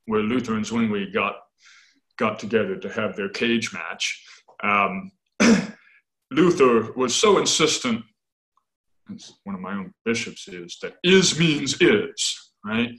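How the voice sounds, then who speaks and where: A man explaining as a scholarly guest in conversation, animated, often checking in with "right?" and correcting himself as he goes. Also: fairly low pitch, measured pace, vocal fry, pauses often, low-quality recording. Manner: animated, tags points with "right?".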